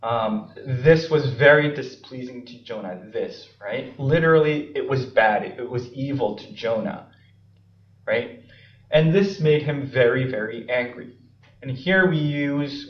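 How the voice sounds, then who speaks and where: A man giving a seminary Bible study lecture, unhurried, with filler ums and frequent "right?" and "okay?" checks. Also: mid-range voice. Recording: roomy, distant, slightly dull lecture recording.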